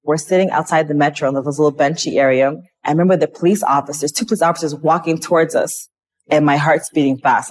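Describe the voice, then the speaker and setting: A woman's voice: deep voice, a little fast. A woman who teaches English, telling an emotional personal story in an interview. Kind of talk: personal testimony.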